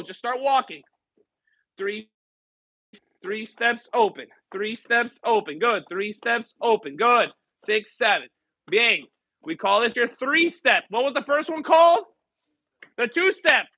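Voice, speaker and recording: In a dance studio, a male instructor with a very high, pushed, bright voice teaches a live class with no echo. He counts steps aloud, switches between English and Spanish, and jokes with his students.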